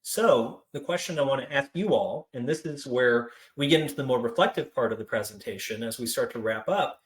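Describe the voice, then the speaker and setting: A young adult man from Central Kentucky leading a training presentation, telling stories in a relaxed, conversational way with frequent fillers. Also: medium pitch, fairly quick. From Central Kentucky, United States. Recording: roomy echo.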